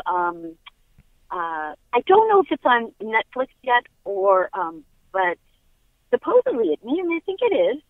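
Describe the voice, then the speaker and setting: Over a tinny telephone line, a middle-aged Long Island woman talks at medium pitch with no echo. As the guest actress in this phone interview, she stays upbeat and breaks into frequent laughter.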